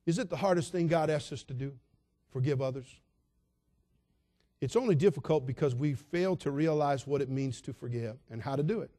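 A male pastor delivering an emphatic, repetitive sermon, dropping soft and then building loud. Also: fairly high pitch, normal speed.

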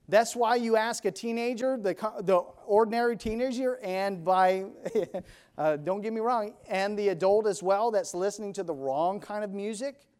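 Male preacher, high-pitched, unhurried delivery, emphatic rhetorical questions. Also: darkish tone. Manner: emphatic, asks and answers his own questions; counts beats and sings snatches of songs. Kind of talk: sermon.

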